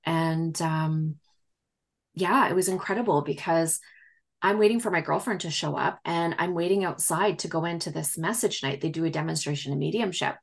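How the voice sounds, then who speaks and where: Low-pitched and creaky, her voice moves at a moderate pace. She's a guest in an interview, chatting loosely about her story, using plenty of fillers and performing the dialogue of others.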